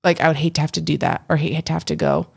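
Low, gravelly woman in earnest chat. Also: big pitch swings, fast, no room sound, studio quality. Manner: earnest, rambling with many restarts. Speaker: podcast co-host. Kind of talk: casual faith chat.

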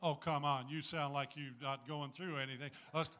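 A man preaches a sermon in a church. His voice sits high and rings very bright and sharp. He talks in a folksy, humorous way and keeps calling on the congregation to answer back. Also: brisk, few pauses, slight background noise.

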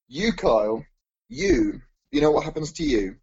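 A man's voice: on the high side, huge pitch swings, a little slow, gravelly, darkish tone, slightly rough. A man co-hosting a comedy podcast, riffing playfully and improvising absurd bits in casual banter. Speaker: podcast co-host. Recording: dull lo-fi recording.

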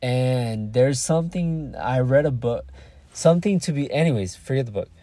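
A man's voice: mid-range voice, lively intonation, moderate pace, warm tone, no room sound. A young man hosting a casual solo podcast, talking candidly and rambling, searching for words and swearing freely. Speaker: podcast host.

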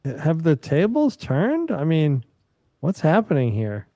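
Male podcast guest, joking banter, animated pitch, dry close mic. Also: takes it slowly, no room sound. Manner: jokey, teasing. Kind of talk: casual fight watch-party chat.

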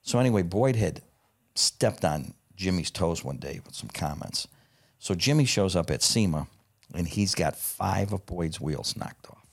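A middle-aged man telling a profane, lively anecdote in casual conversation. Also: deep voice, a little slow. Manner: profane, animated anecdote teller. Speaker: guest. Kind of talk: casual storytelling.

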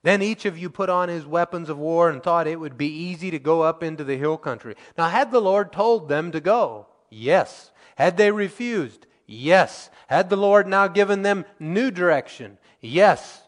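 A man preaching a sermon, reading scripture aloud and acting out quotes, his loudness swinging between emphatic and quiet. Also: a little high, lively intonation, normal speed, hardly any pauses, long reverb tail.

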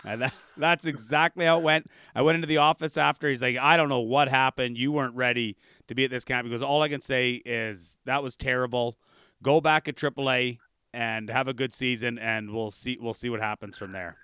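A middle-aged man from Canada in a casual chat, telling old hockey stories in an animated way and acting out what others said. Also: mid-range voice, fairly quick, smooth, dry recording, clean studio sound. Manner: animated storyteller, acts out quotes loudly.

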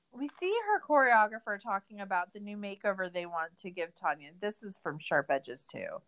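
A woman's voice: medium pitch, lively intonation, moderate pace, fairly bright tone, poor audio. Exasperated ranting woman podcaster. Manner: sarcastic, exasperated ranting with swearing. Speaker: podcast co-host. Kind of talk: casual recap chat.

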